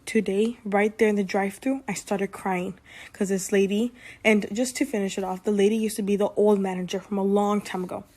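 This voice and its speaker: A woman's voice: medium pitch, fairly even intonation, brisk, mellow. Young woman, casual vlogger, rambling anecdote, lots of "like" fillers. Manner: rambling, heavy use of "like". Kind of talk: casual storytelling vlog.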